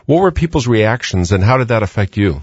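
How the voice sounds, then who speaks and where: A man asks measured, thoughtful questions as an interviewer. His voice sits low. The sound is dry and slightly muffled. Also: big pitch swings, husky, no room sound.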